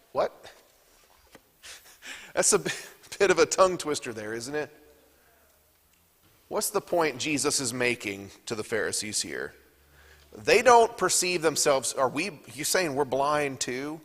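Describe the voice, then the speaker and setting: A man's voice: a little high, fairly bright tone, big-room sound. Man teaching a Bible class. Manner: reads scripture aloud and asks the class questions. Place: church classroom.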